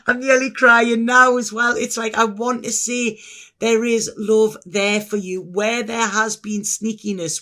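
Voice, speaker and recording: High-voiced man giving a tarot reading. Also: a bit bright. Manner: meandering, effusive, emotional, with many restarts. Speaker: tarot reader. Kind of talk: solo tarot reading to camera.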